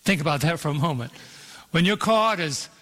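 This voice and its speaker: A pastor preaching a sermon in an auditorium, calling out to the congregation and drawing out key phrases. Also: male voice, on the high side, animated, a bit bright. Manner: preaching with call-and-response and slowed emphasis. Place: large auditorium. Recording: long hall reverb.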